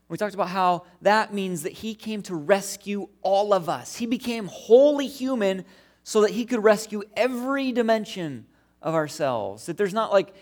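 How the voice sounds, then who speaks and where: A man preaching a sermon as pastor, conversational and telling stories. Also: high-pitched. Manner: conversational, storytelling with acted-out quotes.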